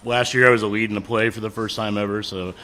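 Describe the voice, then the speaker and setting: A man's voice: on the low side, steady tone, fast talker, sharp tone. A man in his forties, a musician guest, chatting casually with many fillers and frequent laughs. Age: 40s. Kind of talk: casual interview chat.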